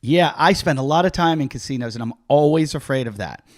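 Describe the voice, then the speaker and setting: A man's voice: fairly high pitch, lively intonation, brisk, no echo, studio quality. A man hosting a podcast, chatting casually and telling rambling stories full of "like". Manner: rambling storyteller, heavy use of "like". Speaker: podcast host. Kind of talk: casual chat.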